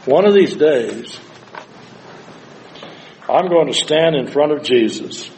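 An older man preaching a sermon, moving between hushed, slow passages and loud, dramatic cries. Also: on the high side, expressive, gravelly, a little hiss or hum.

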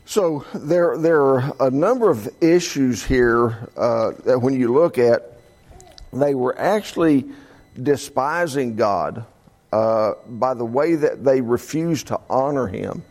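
Man teaching scripture, gravelly, lively pitch, conversational, restarts a lot. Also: slow pace. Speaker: Bible teacher. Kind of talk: teaching a Bible class.

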